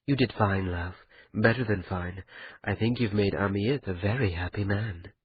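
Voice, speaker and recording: A hushed, wry young woman, as a male narrator puts her on. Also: lowish voice, moderate pace, husky, lo-fi sound. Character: calm, wry pregnant young woman, lover.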